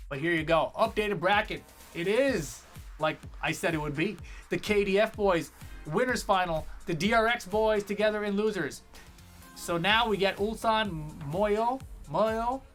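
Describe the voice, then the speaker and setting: A man commentating a fighting game tournament on a live stream, talking fast in a rambling, jokey way and chatting to viewers. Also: sits high, fairly bright tone, faint music behind. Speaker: esports commentator.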